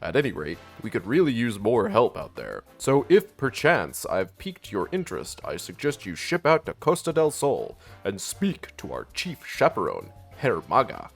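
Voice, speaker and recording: A man voicing a male game recruiter in a deliberately deep voice, delivering a grand sales pitch. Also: wildly swooping pitch, vocal fry, soft background music, exaggerated voice. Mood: promotional.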